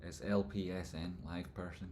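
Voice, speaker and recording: A man hosting a live stream, answering chat questions in rambling talk that trails off into mumbles and jumps to loud jokey bursts. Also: low-pitched, steady tone, moderate pace, slight background noise. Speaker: livestream host answering chat. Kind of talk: casual live chat, stock chart commentary.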